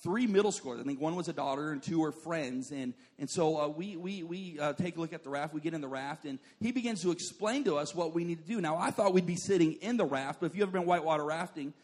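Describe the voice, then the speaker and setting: Husky-voiced joking young preacher. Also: male voice, on the high side, fast talker, hardly any pauses, long reverb tail. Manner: animated, jokey, acts out voices of people in his stories. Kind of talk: sermon with comic storytelling.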